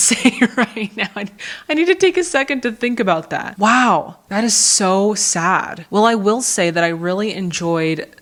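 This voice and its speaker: A young woman hosting a movie reaction, talking casually and emotionally, exclaiming and rambling with lots of "like". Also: medium pitch.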